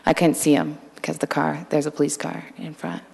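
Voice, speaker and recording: A woman witness answering questions at a hearing in halting, plainspoken replies. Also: deep voice, very animated, vocal fry, darkish tone, breathy edge, long reverb tail. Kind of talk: answering questions under oath.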